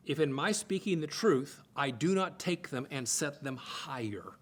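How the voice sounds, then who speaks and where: Emphatic preaching man, slightly high voice. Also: a little slow. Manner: emphatic, repeats phrases for stress, jumps to high excited pitch. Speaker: Bible teacher. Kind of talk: conversational preaching.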